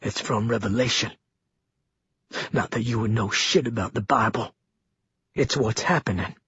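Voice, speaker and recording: A man's voice: normal speed, fairly bright tone, husky, no echo, exaggerated voice. A man doing a sullen, hateful giant prisoner. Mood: bitter. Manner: low, bitter, intoning scripture. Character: huge bound male prisoner, sullen and hateful. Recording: dull lo-fi dry recording.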